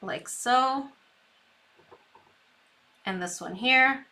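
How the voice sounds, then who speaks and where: Female craft streamer, chatty, giggly, slow pace, bright tone. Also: sits high. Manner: chatty, talks to herself, giggles often; reads viewer comments aloud. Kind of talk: live painting tutorial chat.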